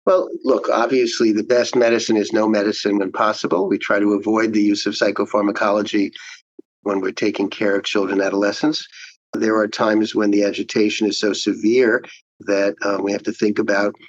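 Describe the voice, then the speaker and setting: A man, a child psychiatrist, giving measured, explanatory answers in an interview. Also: on the low side, fairly even intonation, no room sound, dull audio.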